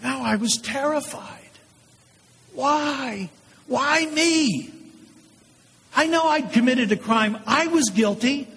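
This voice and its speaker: A man voicing a condemned male prisoner awaiting crucifixion, telling his story in a first-person dramatic monologue with intense pauses. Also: very high voice, vocal fry, a bit bright, breathy edge, exaggerated voice. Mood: terrified. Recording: long hall reverb.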